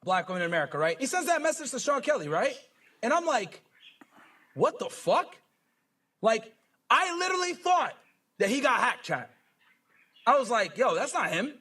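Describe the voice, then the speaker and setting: A man's voice: very high-pitched, big pitch swings, a little fast, bright, forceful tone. A man hosting a podcast who tells a story to his live chat in a casual, incredulous way, reading out messages as he goes. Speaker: podcast host.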